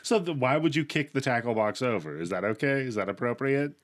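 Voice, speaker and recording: A man's voice: medium pitch, animated, a little fast. A man on a casual podcast, telling stories animatedly and acting out the people in them. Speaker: podcast co-host. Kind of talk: casual chat.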